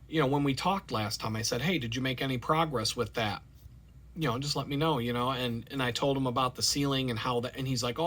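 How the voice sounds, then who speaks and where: A man vlogging in a rambling, animated personal monologue with many fillers. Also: mid-range voice.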